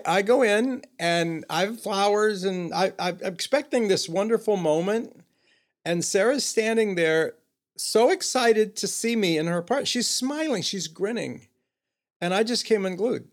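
Older man telling an earnest personal story. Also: high voice. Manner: earnest, halting, often trailing off with fillers. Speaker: guest.

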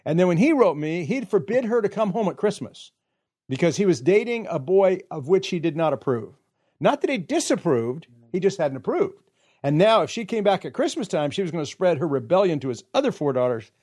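A man's voice: high-pitched, sing-song, fairly quick, a little mellow. A middle-aged man casually telling a long personal story, acting out quotes and often laughing.

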